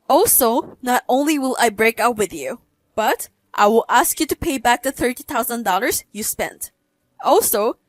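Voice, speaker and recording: A woman in her thirties tells her story in first person, cool and cutting. Her voice is somewhat high and sounds dry and close. She speaks matter-of-factly. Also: no room sound. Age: 30s. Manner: cold, cutting, matter-of-fact. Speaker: narrator.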